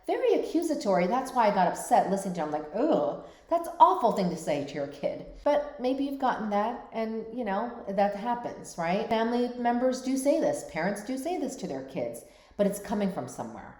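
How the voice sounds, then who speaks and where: A woman's voice: a little high, very animated, brisk, dark tone, roomy sound. A woman hosting a show that looks at TV dramas through mental health, talking in a reflective way and often checking in with "right?". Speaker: host.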